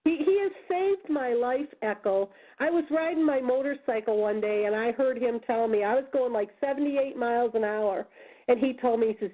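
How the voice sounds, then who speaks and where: A high-pitched woman tells her stories over a tinny phone line. She talks casually and with animation, slipping into the voices of the people she is quoting. She is from the United States. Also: moderate pace. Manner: animated storyteller, acts out quoted voices. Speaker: guest. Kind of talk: casual storytelling on a call-in radio show.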